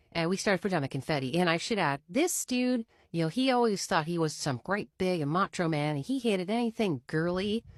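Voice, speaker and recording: A woman's voice: fairly low pitch, no room sound, clean studio sound. A woman telling a story in a casual, chatty way, often saying "you know".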